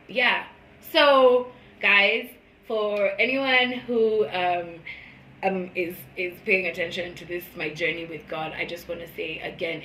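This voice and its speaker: A woman speaks her testimony in a casual vlog, earnest and full of feeling. She drifts between soft, low stretches and loud, high bursts. Her voice is bright and forceful, and the room around her echoes. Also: a little hiss or hum. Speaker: vlogger.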